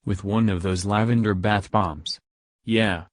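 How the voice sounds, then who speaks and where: A gruff, worn-out older detective, read by a man in a low voice. He sounds exasperated and growls his lines. The recording is close and dry. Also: fairly even intonation, measured pace, dry recording, natural voice. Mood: weary.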